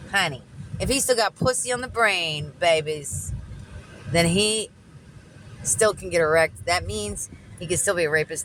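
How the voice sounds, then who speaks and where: A woman telling a story in a loud, animated, profane way, recorded in a car. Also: on the low side, slight background noise, rough recording. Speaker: delivery driver and vlogger. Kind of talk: casual storytelling.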